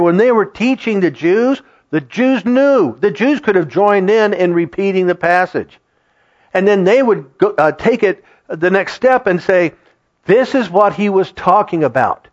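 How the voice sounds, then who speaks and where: A middle-aged man preaching a sermon to his congregation in an animated, conversational way. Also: high voice. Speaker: pastor. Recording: dull lo-fi sound.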